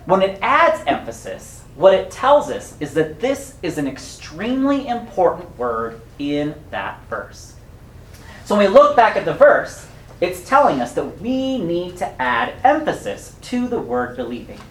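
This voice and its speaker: A woman's voice: fairly low pitch, sing-song, measured pace, reverberant, poor audio. A woman preaching a sermon with a teacherly manner, explaining points step by step to a congregation.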